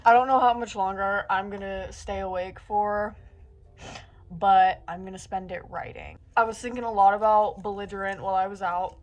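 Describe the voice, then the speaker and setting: A woman's voice: mid-range voice, fairly even intonation, moderate pace. A young woman in her late teens talking to camera in a casual vlog, anxious and rambling, swearing often. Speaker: book vlogger.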